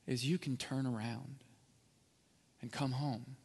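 A man preaching a sermon as pastor, rising to loud peaks and dropping to near whisper. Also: mid-range voice, fairly even intonation, slow, vocal fry, husky. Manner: builds from quiet to loud, then drops to near whisper. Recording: long hall reverb.

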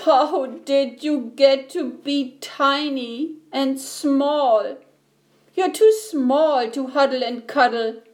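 A woman's voice: high-pitched, very slow, pitched above the performer's own voice. A woman voicing a huge, lost bear in a storybook, bawling tearfully.

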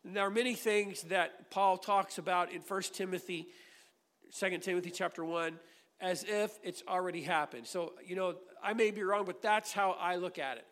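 A man's voice: high-pitched, moderate pace, fairly bright tone, in a large hall. A man preaching a sermon as pastor, earnestly explaining scripture and reading verses aloud, often repeating his words.

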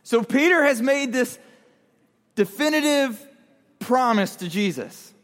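A man's voice: very high-pitched, animated, slow pace, pauses often, a bit bright. A man giving a casual youth sermon, talking with the audience and asking them questions. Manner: conversational, asks the audience questions. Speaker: youth pastor. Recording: long hall reverb.

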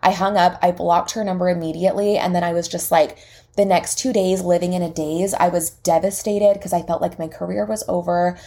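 A young woman hosting a podcast, telling a personal story in a lively way and acting out the dialogue. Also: fairly low pitch, a little fast. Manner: lively retelling that acts out quoted dialogue. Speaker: podcast host and salon owner. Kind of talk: casual storytelling.

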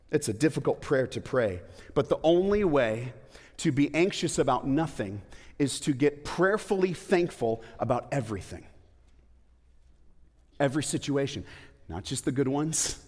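A man's voice: on the high side, animated, unhurried. A man preaching a sermon in a church, talking conversationally with rhetorical questions and playful asides. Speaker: pastor. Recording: long hall reverb.

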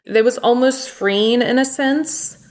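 A woman's voice: on the high side, slow. Candid young woman recounting her story. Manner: candid and plainspoken, recounting events. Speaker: interview guest. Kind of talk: personal storytelling in an interview.

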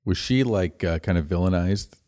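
A man's voice: deep voice, normal speed, warm tone. A man co-hosting a podcast, reacting to a story in casual chat with short questions and remarks. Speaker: podcast co-host.

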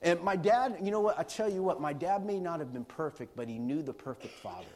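High-pitched pastor guy, middle-aged, animated sermon story, acts out the quotes. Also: a little fast.

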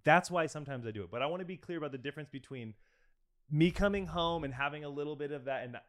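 A young adult man chatting casually on a podcast, laughing and swearing, sometimes dropping low and quiet as he explains. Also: quick pace. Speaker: podcast guest, former overseas volleyball player. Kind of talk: casual chat.

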